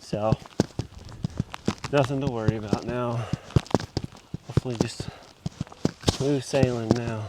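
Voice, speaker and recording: A man chatting casually while out on a long-distance hike. He rambles in a relaxed way with plenty of fillers, talking into a small body-worn mic. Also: mid-range voice, slow, pauses often. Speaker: long-distance hiker vlogging his walk. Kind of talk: casual walking vlog. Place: outdoors on a lochside walking trail. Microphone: small body-worn mic with gear knocking on it. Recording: loud outdoor noise with thumping on the mic.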